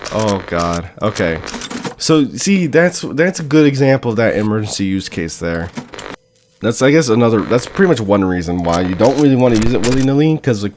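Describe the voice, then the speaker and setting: A young man talking through a horror game as he plays, thinking aloud and reacting with quick exclamations. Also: fairly low pitch, background noise. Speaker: gaming channel host. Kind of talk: let's play commentary.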